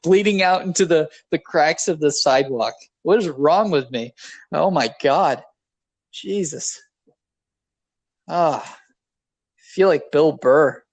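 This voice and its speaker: A man's voice: on the high side, slow, pauses often, no echo. A man co-hosting a casual podcast, talking in a rambling, self-deprecating way. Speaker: podcast co-host.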